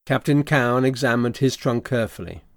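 A man narrating a classic novel as an audiobook, with a steady, even storytelling delivery. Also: medium pitch, brisk, no echo, studio quality.

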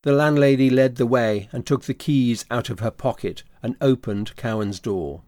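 Man, audiobook narrator, classic novel, mid-pitched, dry close recording. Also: moderate pace, mellow, no echo.

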